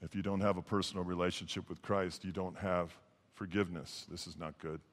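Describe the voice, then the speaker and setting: A man's voice: deep voice, level tone, fairly quick. Impassioned male preacher in a reverberant church. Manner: impassioned, swings from hushed to emphatic. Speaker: pastor. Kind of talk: sermon. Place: church sanctuary.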